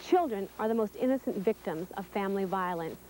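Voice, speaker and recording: A woman reading scripted documentary narration in a measured, even way. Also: medium pitch, a little hiss or hum, poor audio.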